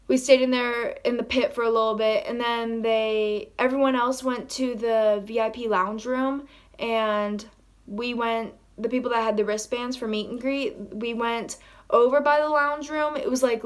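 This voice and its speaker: Woman vlogger, a little high-pitched, casual storytime, excited and rambling, acts out the quotes. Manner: acts out quoted lines in her own voice.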